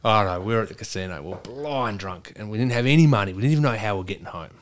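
A man's voice: fairly low pitch, racing. An Australian man, a racing driver, telling sweary stories in a casual chat. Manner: sweary, storytelling, animated.

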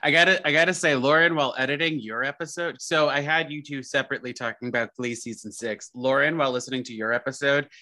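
A young man, a podcast guest, chatting casually in an animated, rambling way with many restarts. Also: medium pitch, quick pace, few pauses. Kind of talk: casual chat.

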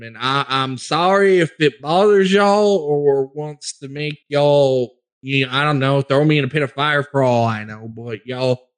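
A man's voice: fairly high pitch, fairly bright tone, clean tone. A man voicing a folksy male forest gnome adventurer with a rambling drawl in a tabletop role-play. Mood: earnest.

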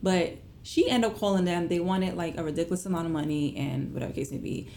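Emotional, animated woman telling a story. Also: fast talker, a little hiss or hum. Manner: emotional, animated retelling with big pitch swings; conversational, colloquial phrasing. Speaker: small business owner. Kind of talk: casual storytelling to viewers.

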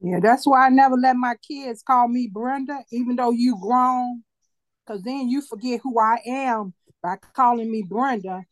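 A woman's voice: on the high side, normal speed, no echo, poor audio. Firm motherly woman, dry close sound. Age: middle-aged. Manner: firm, motherly, matter-of-fact. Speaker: mother of grown children. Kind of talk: casual chat.

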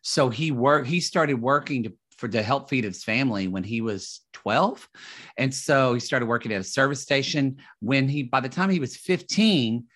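Guy rambling thru a family story on a podcast, lots of restarts, mid pitch. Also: moderate pace, fairly bright tone. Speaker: podcast guest. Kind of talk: casual storytelling.

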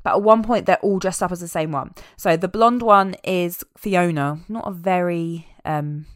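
A woman chatting casually as a podcast co-host, animated and amused as she recaps a film. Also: on the low side, moderate pace, no room sound, clean studio sound. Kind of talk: casual chat.

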